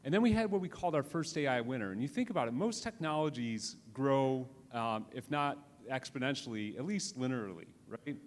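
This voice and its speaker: A man's voice: mid-range voice, animated, fairly quick, hardly any pauses. A man giving a live conference lecture in a conversational way, with frequent restarts and "right?" tag questions. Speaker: conference speaker. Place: conference hall. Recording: reverberant hall with faint noise.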